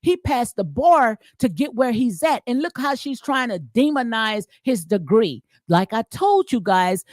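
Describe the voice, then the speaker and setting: With a slightly high, animated voice and a measured pace, a middle-aged woman hosts casual commentary, reading and responding in an emphatic, colloquial way. She repeats phrases and punctuates with "okay?" like a preacher, her tone a little mellow, the studio-quality recording free of echo.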